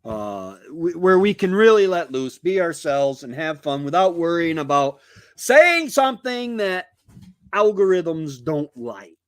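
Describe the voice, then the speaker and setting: A man with a fairly high voice chats on a casual live stream, his pitch bouncing all over. He talks at an unhurried pace, rambling as he greets viewers by name. The sound is dry and close. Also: very animated, no echo.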